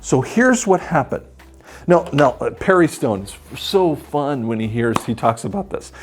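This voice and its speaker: A man teaching the Bible in a sermon style, animated and acting out the voices of the people he quotes. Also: mid-range voice, unhurried, soft background music.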